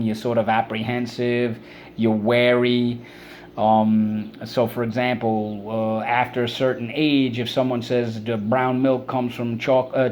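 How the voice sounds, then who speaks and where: A man teaching a spelling and vocabulary lesson for children, sounding out words slowly and prompting listeners to repeat them. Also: medium pitch, a little mellow, a little hiss or hum.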